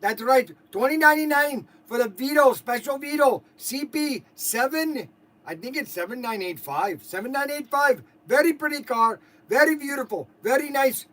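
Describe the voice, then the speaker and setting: A man's voice: very high-pitched, moderate pace, fairly bright tone, pitched above the performer's own voice. A man doing a gushing salesman in a put-on Indian accent. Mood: excited. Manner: gushing, repetitive sales patter. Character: eager male salesman hawking a flash sale. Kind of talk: mock livestream sales pitch.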